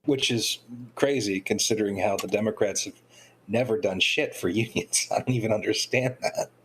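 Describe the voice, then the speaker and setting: A man with a fairly low voice talks loosely and bluntly, swearing freely. A faint noise sits under his voice. He sounds like a guy griping among friends. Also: moderate pace, fairly bright tone, low-quality recording. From North Georgia, US. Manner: profane and blunt. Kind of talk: casual chat.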